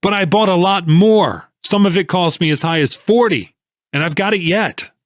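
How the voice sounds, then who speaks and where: A man reading an audiobook voices a furious male stock trader who shouts angry accusations. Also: sits high, moderate pace, no room sound, clean studio sound, pitched above the performer's own voice, natural voice.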